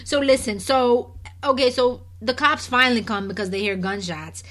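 A woman with a high, bright voice, chatting casually and sarcastically. She talks in an animated way and laughs often. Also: normal speed. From Puerto Rican family. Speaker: co-host. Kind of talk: casual recap chat.

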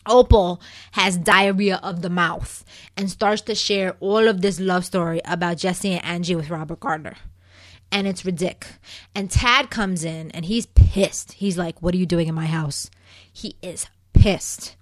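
A woman's voice: fairly low pitch, normal speed, no room sound. A chatty, opinionated woman who hosts a recap show and keeps addressing her listeners as "people.". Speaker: soap opera recap host. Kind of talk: casual chat.

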